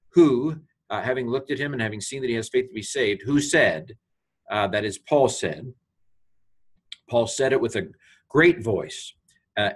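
Brief: lower-voiced male teacher, informal grammar walkthrough, halting delivery. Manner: halting, many fillers, rises on quoted Greek. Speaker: Greek teacher.

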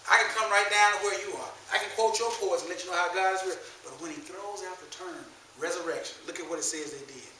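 A male pastor preaching in an animated, colloquial way, with a high and very bright voice. He shifts between loose everyday speech and King James scripture and calls out to his congregation. The recording is echoey and distant, with faint room ambience. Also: fast, hardly any pauses, slight background noise. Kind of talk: sermon. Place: church sanctuary.

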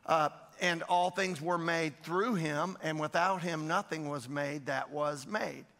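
A man's voice: on the high side, steady tone, measured pace, creaky, pushed and bright. A man preaching a sermon as pastor, talking conversationally, repeating his phrases and prompting the congregation with questions. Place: church sanctuary. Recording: long reverb of a large church hall.

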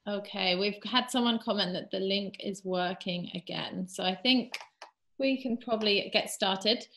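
A woman's voice: mid-range voice, measured pace, a bit bright, a little hiss or hum. A woman hosting an online webinar over a video call, upbeat and chatty with filler ums. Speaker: webinar host.

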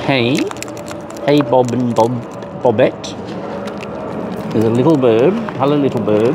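In a noisy outdoor clip with birds and background sounds, a man casually chats to wild cockatoos, teasing them in baby talk. The bird feeder vlogger has a medium-pitched voice and an unhurried delivery.

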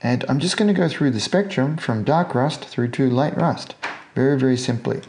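An Australian man with a gravelly, rough-edged voice narrates a hands-on model painting tutorial. He talks casually as he works and drops in jokey, self-deprecating asides. His pitch sits in an ordinary middle range. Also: normal speed, a little mellow.

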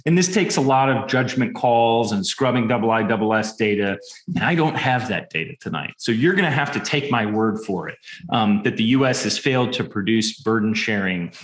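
A man's voice: mid-range voice, a bit bright. A man presenting his research paper from slides, talking informally with many ums and dry, wry asides. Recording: echoey room.

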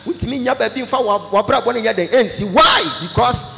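Ghanaian man, pastor, fiery sermon, high-pitched voice, shouts now and then. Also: fairly quick, vocal fry, long reverb tail, soft background music. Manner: animated preaching, mixes Twi with English phrases, bursts into shouting.

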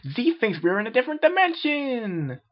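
A man's voice: very animated, moderate pace, exaggerated voice. A man voicing an odd young man who talks about himself in the third person, in a muffled lo-fi recording. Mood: eager. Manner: high, third-person speech.

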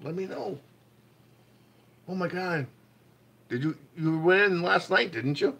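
Reading magazine finds aloud on a casual livestream, this man sounds high-pitched, gravelly, and sharp, with lively intonation and a measured pace. The audio is slightly rough. He's enthusiastic, says his praise more than once, and welcomes chat viewers.

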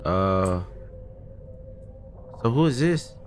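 A man hosting a gaming video, giving casual, slangy let's-play commentary and yelling in fright. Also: fairly low pitch, extremely slow, soft background music. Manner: excitable, yells in fright, slangy.

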